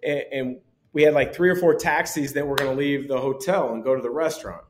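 A man in his forties, a former pro basketball player, telling lively anecdotes as a podcast guest and chuckling often. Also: mid-range voice, fairly quick, a little hiss or hum. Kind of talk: casual storytelling.

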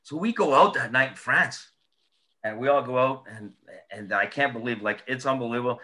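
A man, a former hockey player, telling animated, profane anecdotes in a casual chat, laughing as he goes. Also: mid-range voice, brisk.

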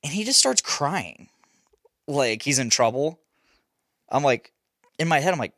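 A man's voice: fairly high pitch, a little slow, pauses often, no room sound, clean studio sound. A young man telling a casual story as a podcast host, laughing often and swearing freely. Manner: animated, laughing, swears a lot.

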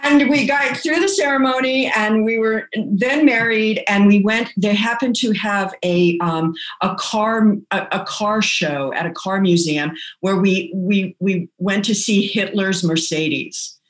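A woman telling personal stories in a lively, casual way, acting out the voices of the people she quotes. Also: medium pitch, unhurried, few pauses. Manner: animated, acts out quoted voices. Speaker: guest. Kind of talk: casual anecdotal storytelling. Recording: roomy echo.

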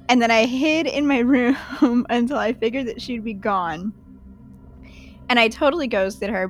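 A young woman telling a personal story casually, full of "like" and quick to laugh. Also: a little high, fairly bright tone. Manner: chatty, lots of "like", quick to laugh. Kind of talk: casual anecdote.

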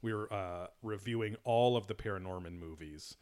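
A man's voice: lowish voice, moderate pace, a little mellow, clean tone. A man hosting a podcast in casual, joking chat, riffing on wordplay and laughing often. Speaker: podcast host.

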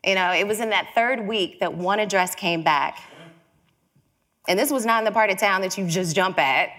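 A woman from Chicago giving a storytelling talk, lively and acting out the voices she quotes. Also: mid-range voice, moderate pace. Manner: animated, acts out quoted voices.

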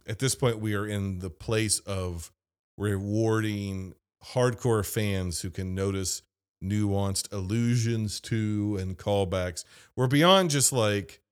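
A man's voice: fairly low pitch, clear, resonant tone. A man hosting a podcast, giving a casual, opinionated movie review, blunt and rambling, with fillers and asides. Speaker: podcast host and film reviewer.

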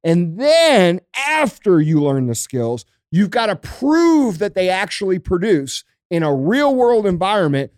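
A man's voice: high-pitched, very animated, unhurried, few pauses, darkish tone, clear, resonant tone, dry recording, studio quality. A middle-aged man on a podcast, talking in a blunt, emphatic, profanity-heavy rant. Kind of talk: casual podcast chat.

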